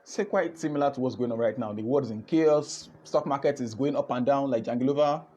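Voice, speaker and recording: A man with a Nigerian accent hosts a live online business session, talking in an animated way and repeating his words. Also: medium pitch, a little fast, slight background noise. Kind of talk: lively live-stream talk.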